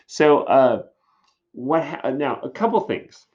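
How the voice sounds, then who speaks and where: A man's voice: mid-range voice, big pitch swings, takes it slowly, a little mellow, lo-fi sound. A male teacher giving a recorded literature lesson, talking casually with wry asides.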